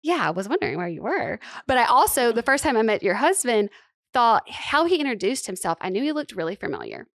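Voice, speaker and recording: A woman hosting a podcast in casual chat, giggly and gushing, talking in quick bursts on a close mic. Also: fairly high pitch, sing-song, vocal fry, no echo. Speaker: podcast host.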